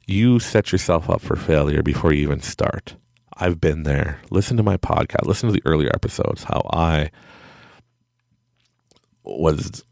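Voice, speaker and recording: A man's voice: extremely low pitch, vocal fry, dry recording, studio quality. A middle-aged man hosting a podcast from home at night, giving a rambling, self-deprecating motivational talk and laughing often. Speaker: podcast host. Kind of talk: casual motivational monologue.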